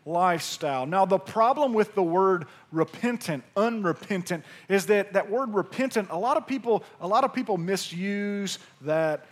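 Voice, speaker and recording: A man's voice: high voice, expressive, normal speed, few pauses. A man with a Mississippi Southern accent preaching a sermon in a folksy, humorous storytelling way. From Pearl, Mississippi. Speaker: pastor.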